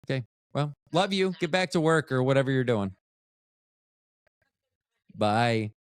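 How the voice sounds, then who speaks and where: A man's voice: mid-range voice, animated, a little slow, clear, resonant tone, no echo, studio quality. A man hosting a casual solo podcast, rambling and joking at his own expense. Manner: rambling, joking, self-mocking. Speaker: podcast host.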